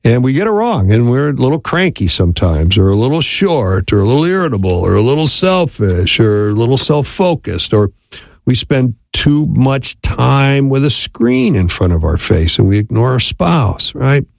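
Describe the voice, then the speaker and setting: A man giving a relaxed, conversational teaching talk on marriage, often checking in with "right?" and "okay?". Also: medium pitch, moderate pace, gravelly, no echo. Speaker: speaker on marriage.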